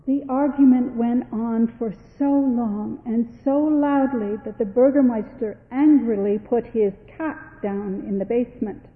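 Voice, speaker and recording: A woman reading a storybook aloud in a calm, measured way. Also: a little high. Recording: tinny, echoey long reverb.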